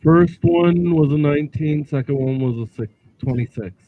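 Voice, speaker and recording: A man's voice: on the high side, moderate pace, narrow, tinny audio, background noise. A man taking part as a player in a tabletop game, laid-back and laughing often, heard over a call. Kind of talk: casual game chat.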